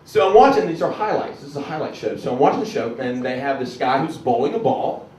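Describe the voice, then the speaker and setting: Talking fast and animatedly in a mid-range voice, a Southern-accented man from South Carolina runs through a chatty stand-up set that pokes fun at himself. He bursts into loud announcer voices at times. The club sounds echoey, captured by a camera far from the stage.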